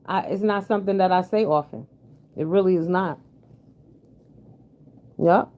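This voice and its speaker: A woman's voice: lowish voice, normal speed, pauses often. Woman vlogger, blunt and profane commentary, dull lo-fi recording. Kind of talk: casual commentary chat. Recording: dull lo-fi sound.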